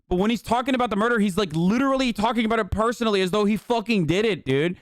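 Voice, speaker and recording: A man's voice: sits high, fast, few pauses, no echo, clean studio sound. A man streaming, giving casual, profane, incredulous commentary on a video. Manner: profane, incredulous, animated rants. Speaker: streamer reacting to a documentary.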